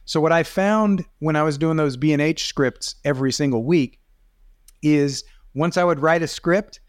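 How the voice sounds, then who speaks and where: Lively middle-aged man coaching on camera. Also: a little high, moderate pace, dry recording, studio quality. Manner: lively, demonstrative explaining with rising and falling emphasis. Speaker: video coach and guest. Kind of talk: casual interview talk.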